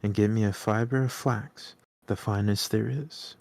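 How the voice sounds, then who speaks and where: A man's voice: on the low side, fairly even intonation, unhurried, vocal fry, darkish tone, dry recording. A man voicing a sweet, gracious little female mouse princess while reading a storybook aloud. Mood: gentle.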